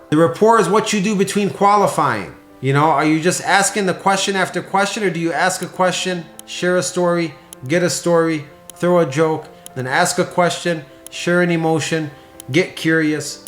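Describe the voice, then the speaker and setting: A man in his thirties giving a sales training talk, casual and energetic, acting out sample lines he would say to clients. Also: high voice. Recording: roomy echo with faint music.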